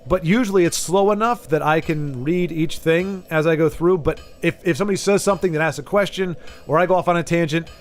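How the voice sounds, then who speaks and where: Male game streamer, fairly high-pitched, casual live chat, rambling, stammering restarts. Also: a little fast, soft background music.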